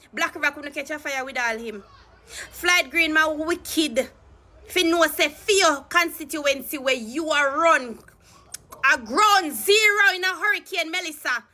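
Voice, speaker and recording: A woman's voice: high voice, sharp tone. Fiery Jamaican woman ranting. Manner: heated, profane and scornful. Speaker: political commentator. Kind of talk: angry political rant in patois.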